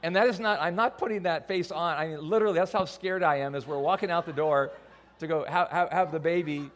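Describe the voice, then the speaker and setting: A man preaching a sermon to a church congregation, telling a personal story in an animated, self-mocking way. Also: a little high, fairly quick. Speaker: pastor.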